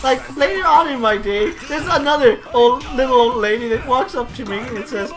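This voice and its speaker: A man spinning animated, swear-laced stories in casual chat over a gameplay session, packing his talk with "like". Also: extremely high pitch, moderate pace. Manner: animated storytelling full of "like" fillers, swears freely. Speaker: storyteller co-host of a gameplay video. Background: video game music.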